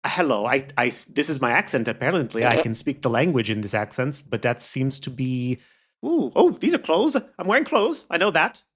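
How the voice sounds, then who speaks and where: Man playing a bewildered old stranger, high and lilting, stammering, meek. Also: sing-song, normal speed, fairly bright tone, slightly rough.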